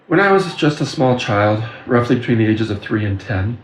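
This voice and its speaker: A man's voice: medium pitch, animated. A man from the Windsor and Detroit area telling personal stories in an earnest, intense monologue. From Windsor, Ontario and Detroit area. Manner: earnest, intense, storytelling with filler pauses. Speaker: video creator talking about his spiritual experiences. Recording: echoey room with faint background noise.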